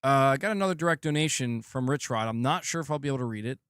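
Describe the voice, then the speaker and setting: A man's voice: medium pitch, lively intonation, racing, fairly bright tone, clean tone, no room sound, clean studio sound. Swearing laid-back guy with a sore throat. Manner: laid-back, swears a lot, laughs often. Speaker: gaming channel host. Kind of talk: casual livestream chat.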